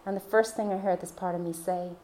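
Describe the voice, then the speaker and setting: A woman's voice: fairly low pitch, steady tone, a little fast, warm tone, a little hiss or hum. A woman podcast host telling her personal faith testimony in a heartfelt, confiding way. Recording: roomy echo.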